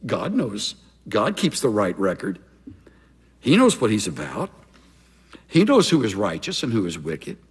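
An older man preaching a sermon, emphatic and swinging from loud exhortation to hushed asides. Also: medium pitch, slightly rough, long reverb tail. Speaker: pastor.

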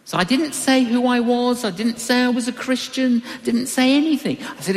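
Animated older preacher in an echoing hall. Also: mid-range voice, normal speed. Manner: animated, acts out quoted voices. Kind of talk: sermon with personal storytelling. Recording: long reverberant hall.

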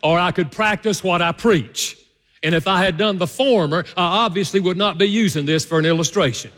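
A man preaching a sermon to his congregation, swinging between loud and hushed delivery. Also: high-pitched, a little fast, in a large hall. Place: church sanctuary.

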